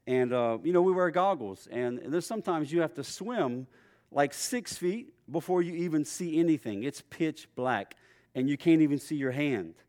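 A middle-aged man preaching a sermon in a conversational storytelling way, with lively swings in his voice. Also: on the high side, moderate pace. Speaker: pastor.

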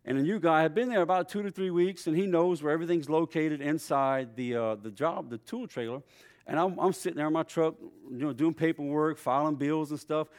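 A middle-aged man preaching a sermon in a conversational storytelling way, with lively swings in his voice. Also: fairly high pitch, brisk. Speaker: pastor.

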